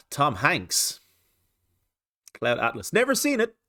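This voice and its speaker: A man's voice: a little high, huge pitch swings, takes it slowly, bright, forceful tone. An Irish man hosting a casual reaction video, amused and laughing often as he comments. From Ireland.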